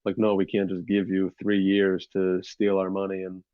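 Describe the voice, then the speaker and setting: Low-voiced man in his twenties, rambling. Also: completely flat delivery, moderate pace, narrow, tinny audio. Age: 20s. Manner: rambling, many fillers and restarts. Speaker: podcast co-host. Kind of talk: casual chat.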